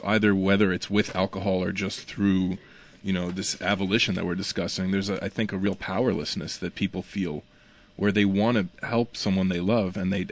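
A man co-hosting a radio advice show, speaking in a measured, thoughtful way. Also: low voice. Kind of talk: call-in radio discussion.

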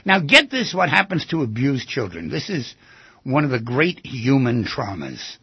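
A man with a raspy, gravelly voice gives an animated talk. His pitch swings widely as he acts out quoted lines. The sound is dry and dull, like an older lo-fi recording. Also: normal speed, no room sound. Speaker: speaker on relationships. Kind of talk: lively talk.

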